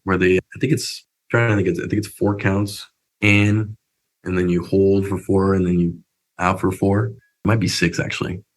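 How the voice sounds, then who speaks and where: A young man telling stories as a podcast guest, upbeat and animated, acting out little quotes. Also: low voice, normal speed, poor audio. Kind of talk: casual interview storytelling.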